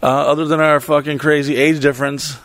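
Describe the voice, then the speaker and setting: Gravelly, rambling, foul-mouthed man. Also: on the high side, level tone, fairly quick, fairly bright tone, dry recording. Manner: rambling, profane, laughing storyteller. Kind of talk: casual chat.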